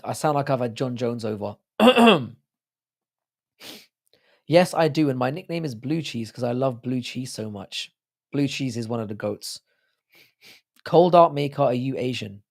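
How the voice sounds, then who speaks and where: A British livestream host, an adult with a child, trades crude jokes and banter with viewers while reading out their comments in casual chat. His middle-pitched voice is hoarse and gravelly from a sore throat, a little mellow, and he talks slightly fast.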